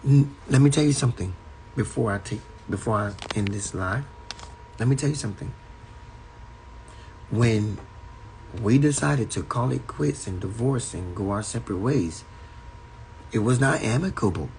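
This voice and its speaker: A man preaches into his phone on a livestream, stacking phrase after phrase in a steady, insistent rhythm. His voice sits at an ordinary middle pitch, and there is a faint hum of room ambience behind him at home. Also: normal speed, pauses often, rough recording. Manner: emphatic, repetitive preaching cadence. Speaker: spiritual teacher. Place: at home indoors.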